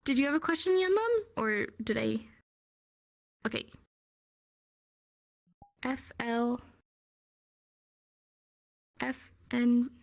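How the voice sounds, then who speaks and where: Young woman, casual online class teacher, chatty, fillers, laughs a lot, slightly high voice. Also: lively intonation, extremely slow, gravelly, long pauses. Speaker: sign language teacher.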